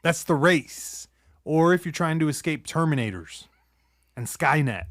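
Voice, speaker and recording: A man's voice: a little high, expressive, unhurried, a bit bright, no echo, clean studio sound. A man hosting a podcast in casual chat, joking and teasing his guest. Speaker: podcast host.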